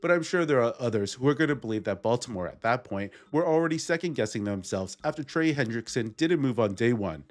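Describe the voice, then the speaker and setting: Guy doing a sports recap in a plain, opinionated tone, mid pitch. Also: animated, fairly quick, few pauses. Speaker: sports commentary host. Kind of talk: scripted commentary.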